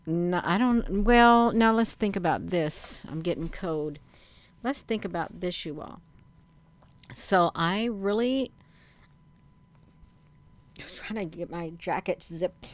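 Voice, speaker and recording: A woman's voice: lowish voice, clean tone, no echo. A middle-aged woman vlogging, rambling chattily over a webcam feed and often addressing viewers as "you all.". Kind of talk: casual commentary on a webcam feed.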